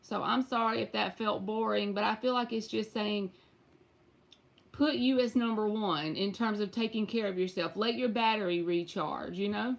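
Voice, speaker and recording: A woman's voice: mid-range voice, normal speed, vocal fry. A Southern woman, likely in her thirties or forties, giving a casual tarot reading on a live stream at home and chatting straight to her viewers. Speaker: tarot reader.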